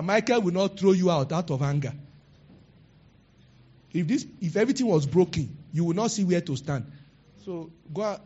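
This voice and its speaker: A male preacher delivers a lively sermon and acts out the people in his stories. His voice sits high and swings widely in pitch, with a husky edge. The recording is dull and lo-fi. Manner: animated preaching, acting out quoted people. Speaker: pastor.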